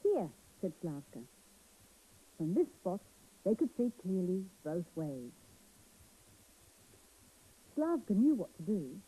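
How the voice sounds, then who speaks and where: A woman reads a story to young children in a gentle, expressive way. Her voice is dark and husky, and her tone swoops up and down with lively energy. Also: lowish voice, slow, long pauses, poor audio. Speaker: children's TV presenter.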